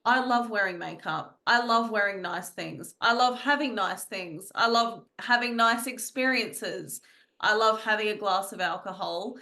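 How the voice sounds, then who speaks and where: A woman's voice: medium pitch, unhurried, sharp tone. A woman guest in an interview, speaking earnestly about her spiritual teachings and often repeating phrases. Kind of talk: reflective conversational interview.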